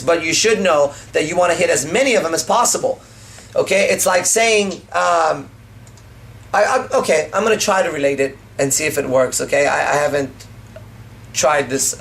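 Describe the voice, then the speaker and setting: This dating coach keeps it profane and lively at a laid-back seminar, acting out the pickup lines he's explaining. His pitch is fairly high, with a gravelly texture.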